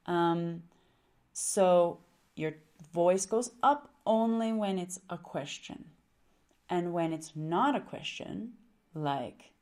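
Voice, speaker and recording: A woman's voice: fairly low pitch, a little mellow. A woman coaching English learners on how to use their voice, acting out example sentences as she explains. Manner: deliberate, demonstrates intonation with example sentences. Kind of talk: teaching to camera.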